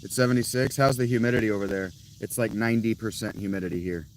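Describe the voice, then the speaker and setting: A man's voice: fairly low pitch, fairly even intonation, fast talker, slight background noise, poor audio. A man live streaming from outside his tent, chatting casually with viewers in a rambling way, often restarting and correcting himself. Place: outdoors at a tent.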